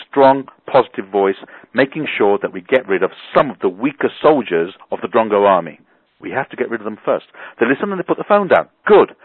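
A man's voice: medium pitch, breathy edge, dry recording. A man giving a colorful, blunt motivational business talk over a phone call. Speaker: business coach. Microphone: telephone. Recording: tinny phone line.

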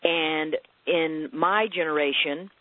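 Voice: mid-range voice, fairly even intonation, takes it slowly, no echo. A counselor for teens and parents, talking earnestly as a guest in a radio interview and often repeating words while explaining with client examples. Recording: phone-like narrow radio line.

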